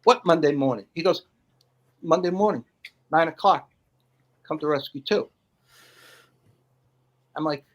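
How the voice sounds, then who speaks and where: A man's voice: a little high, a little slow, long pauses, dull audio. A man telling a firehouse story in casual podcast chat, acting out the voices of the people he quotes. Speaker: podcast guest, firefighter.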